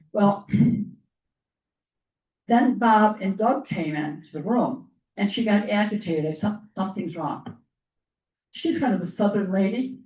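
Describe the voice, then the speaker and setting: A woman speaking earnestly to a gathered group, her mellow voice worn thin as she loses it and keeps clearing her throat. She sounds set back from the mic in a roomy hall, and the recording is dull and lo-fi. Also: fairly low pitch, distant mic. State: losing her voice. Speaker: guest speaker. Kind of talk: personal storytelling talk.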